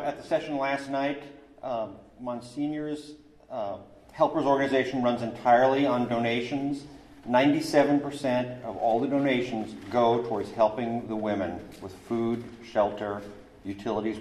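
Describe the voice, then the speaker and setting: A male event organizer closing a session with practical announcements, speaking plainly at a mid pitch. The room around him is echoey, with a faint hum of ambience. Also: fairly even intonation, moderate pace, a little mellow.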